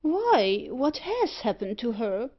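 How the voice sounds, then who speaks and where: A woman reading aloud, voicing an excitable old gentleman who exclaims over things. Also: a little high, slow, muffled recording, voice pushed up, full character voice. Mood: alarmed. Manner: rapt, exclamatory.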